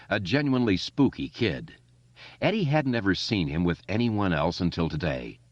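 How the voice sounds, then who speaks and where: A man narrating an audiobook in a steady, expressive storytelling way. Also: deep voice, no echo. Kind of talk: scripted narration. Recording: dull lo-fi dry recording.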